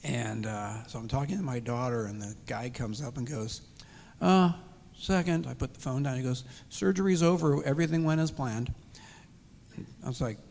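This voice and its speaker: A retired man in his sixties with a gravelly, fairly high voice tells an emotional personal story and acts out every exchange. His words ring with the long reverb of a large hall. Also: moderate pace, darkish tone. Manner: emotional storytelling, acting out dialogue. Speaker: interview guest. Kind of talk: personal testimony. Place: church sanctuary.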